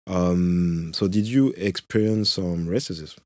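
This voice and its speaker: A man's voice: deep voice, slow, a little mellow, dry recording. A man hosting a podcast in his second language, French being his first, talking in a hesitant, filler-heavy way with many restarts. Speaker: podcast host. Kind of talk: conversational interview.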